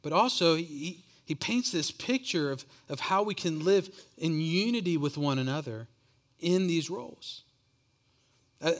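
Man, pastor, sermon, earnest, repeats words, slightly high voice. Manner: earnest, repeats words while building a point.

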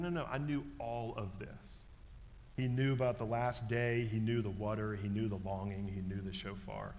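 A man, preaching a sermon and telling a story in an animated way, dropping to a hush and then rising loud. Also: fairly low pitch, vocal fry, slight background noise. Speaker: pastor.

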